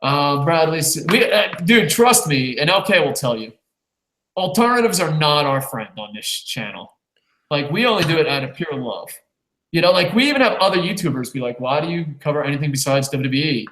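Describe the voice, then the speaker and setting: A man with a slightly high voice chats casually through a wrestling review, swearing freely and wandering between jokes and viewer comments. His voice rings out in a roomy, echoey space. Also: sing-song, pushed and bright. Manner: loose and profane, rambling with quick jokes. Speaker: podcast co-host reading viewer comments. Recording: roomy echo.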